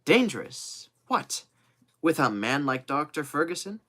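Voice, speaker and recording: A man's voice: mid-range voice, sing-song, normal speed, pushed and bright. A man voicing a cheerful, loyal young manservant who talks eagerly and earnestly.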